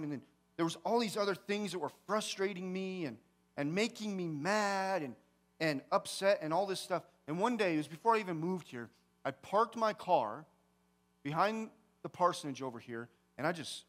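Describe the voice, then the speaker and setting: A man with a fairly high voice delivers a sermon in a church. He talks casually with the congregation and acts out his own story with sudden loud outbursts and quiet asides. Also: normal speed. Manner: animated storytelling, swings from quiet to shouting. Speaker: pastor. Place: church sanctuary.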